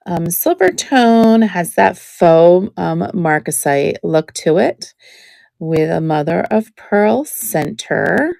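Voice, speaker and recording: A woman hosting a live jewelry auction stream, chatting in a relaxed way as she describes each piece, with many ums. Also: fairly low pitch, slow, gravelly, dry recording.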